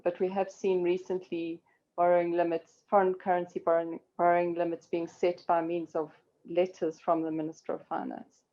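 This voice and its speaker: A woman presenting a legal webinar, explaining carefully in a measured way with frequent pauses and "um"s. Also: lowish voice, dark tone, lo-fi sound. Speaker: corporate law expert presenting.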